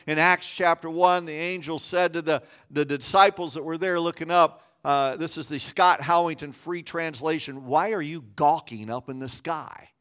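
A man's voice: on the high side, a bit bright, smooth. Earnest male pastor preaching a sermon. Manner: earnest, repeats words as he builds emphasis.

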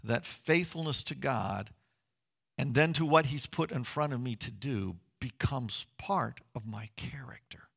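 A man's voice: medium pitch, measured pace, creaky, a bit bright, slightly rough. A middle-aged man preaching a sermon as pastor, earnest and conversational, with emphatic rises.

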